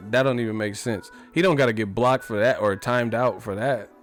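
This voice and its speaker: A man's voice: medium pitch, a little fast, faint music behind. A man hosting a livestream, chatting casually in a laid-back, slangy, rambling way. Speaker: livestream host. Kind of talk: casual chat.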